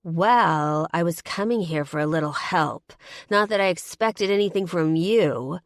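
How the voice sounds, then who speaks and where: Snide scornful woman read by a female narrator, low and gravelly, dry audiobook sound. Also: unhurried, no echo. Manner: mocking, snide. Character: sneering scornful woman, a mother. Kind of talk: audiobook character voice.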